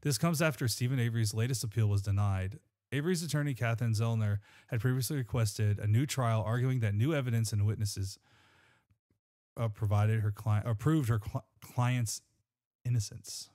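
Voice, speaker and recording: A man's voice: medium pitch, normal speed, dark tone. A man, co-hosting a podcast, reading scripture and chatting in an earnest, rambling way with restarts. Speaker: podcast co-host. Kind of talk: scripture reading and casual chat.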